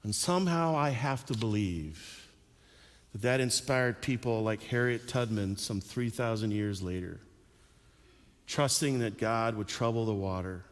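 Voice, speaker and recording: A man's voice: fairly low pitch, a little slow. A man preaching a sermon as pastor, telling a Bible story and acting out the voices of its people. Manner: storytelling, acts out voices of biblical figures. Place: church sanctuary. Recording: church hall with long reverb.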